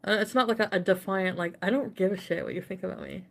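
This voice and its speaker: A woman in her thirties talking casually to camera, halting and indifferent, repeating herself. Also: medium pitch. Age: 30s. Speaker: streamer in a played clip.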